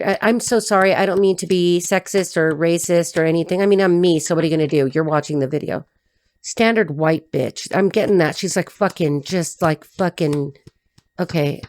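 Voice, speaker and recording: A woman reading tarot who chats off the cuff, rambling and swearing freely, laughing often and jumping between low asides and high excited bursts. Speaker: tarot reader and life coach. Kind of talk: casual unscripted chat to camera.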